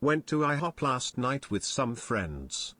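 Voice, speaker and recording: A man's voice: mid-range voice, very animated, slow, sharp tone. A synthetic male text-to-speech voice reading out viewer messages on a stream. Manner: synthetic, evenly read. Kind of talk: read-out donation messages.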